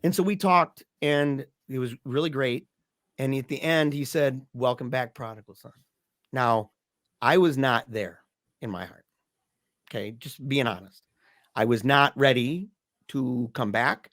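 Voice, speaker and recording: A man's voice: medium pitch, a little slow, a bit bright, dry recording, studio quality. A man telling a story as a podcast guest. He talks in a casual way and acts out the voices of the people in his story.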